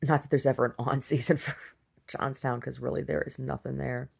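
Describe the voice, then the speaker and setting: Middle-aged woman, video diarist, low gravelly voice, rambling storyteller who laughs a lot. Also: level tone, a little fast. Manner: laughs often, acts out quoted voices, many restarts. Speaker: video diary vlogger.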